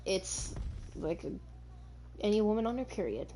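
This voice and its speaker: Chatty woman gamer talking to her viewers, voice jumps all over, gets really excited. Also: medium pitch, a little slow, slight background noise. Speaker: streamer. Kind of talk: casual gameplay chat.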